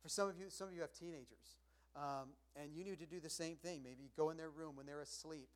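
Preaching pastor, loud then hushed. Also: male voice, fairly high pitch, fairly even intonation, brisk. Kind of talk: sermon.

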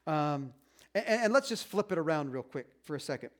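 A man's voice: a little high, expressive, moderate pace. Conversational male pastor preaching. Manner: conversational, acts out little voices. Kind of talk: sermon.

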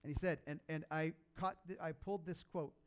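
A man preaching a sermon, telling a story in a conversational way with many fillers and restarts, getting loud when excited and soft and low at sad moments. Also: brisk. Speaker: pastor.

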